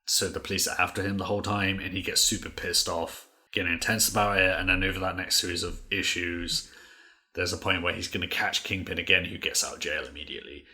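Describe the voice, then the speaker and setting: A man with a very low voice and a bright, forceful edge co-hosts a casual podcast. He rambles through his recaps, leaning on "like" and "uh" as he goes. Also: fairly even intonation, quick pace. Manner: rambling, many "like" fillers. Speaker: podcast co-host.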